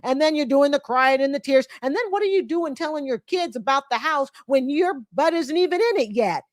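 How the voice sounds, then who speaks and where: A woman's voice: high-pitched, lively intonation, brisk, no echo, clean studio sound. A woman in her late fifties, a commentary host who reacts bluntly and scolds with a mocking edge. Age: 50s. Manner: blunt and scolding, mocks with put-on quotes. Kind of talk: commentary on a clip.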